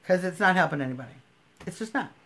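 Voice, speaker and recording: A woman's voice: lowish voice, expressive, fast, fairly bright tone, slight background noise. A woman hosting a political livestream, talking bluntly and emphatically, scolding her viewers and swearing freely. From United States. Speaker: livestream host.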